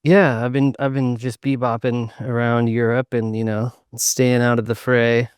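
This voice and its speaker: A man's voice: medium pitch, flat delivery, normal speed, clean tone, no room sound, studio quality. A man from the United States, a sales consultant, speaking as a guest on a video call podcast in a rambling, jokey way. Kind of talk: interview conversation.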